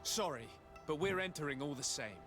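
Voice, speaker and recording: A man's voice: a little high, expressive, brisk, music in the background, natural voice. A man voicing a stern game officer. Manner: formal, firm. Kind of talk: video game voice acting. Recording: game audio under hiss.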